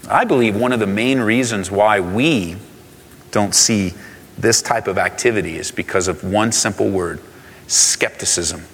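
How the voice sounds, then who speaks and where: Man preaching in a reverberant hall. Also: bright, forceful tone. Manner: reads scripture aloud, rises in pitch for emphasis. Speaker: pastor. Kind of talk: sermon.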